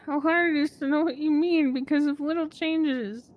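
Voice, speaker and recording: A woman playing an upset, withdrawn wife in an in-game roleplay, speaking quietly and pointedly. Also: sits high, steady tone, moderate pace, lo-fi sound, natural voice.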